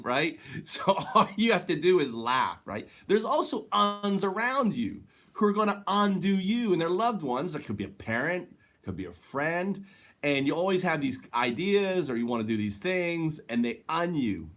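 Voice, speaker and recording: A man's voice: on the high side, very animated, normal speed, a bit bright. A man rambling through a casual vlog from his own house, laughing often and tagging his sentences with "right?", recorded on a handheld camera indoors. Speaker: vlogger.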